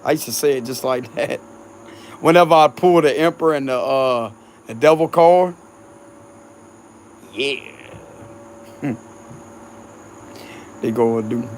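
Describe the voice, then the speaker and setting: A man's voice: medium pitch, moderate pace, pauses often, a little mellow, slight background noise. A man with a Cajun accent chatting casually with his supporters as a tarot reader, outdoors on a hot night. He is laid-back, laughs a lot and swears freely. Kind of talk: casual rambling chat.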